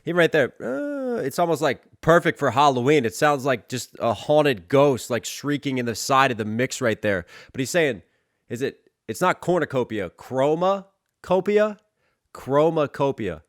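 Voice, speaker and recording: A man's voice: medium pitch, expressive, moderate pace, dry recording, studio quality. Man breaking down rap lyrics. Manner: analytical, keeps asking "right?". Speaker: rapper reacting to music. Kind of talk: music reaction commentary.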